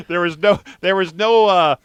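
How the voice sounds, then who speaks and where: A man hosting a casual podcast, reading news items and riffing on them in an animated, jokey way. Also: high voice, smooth, dry recording. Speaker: podcast host.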